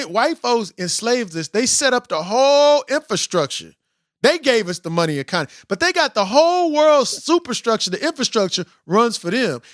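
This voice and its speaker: A man in his forties hosting a casual podcast discussion, animated and quoting books at length. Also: very high-pitched, no echo, studio quality. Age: 40s. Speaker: podcast host.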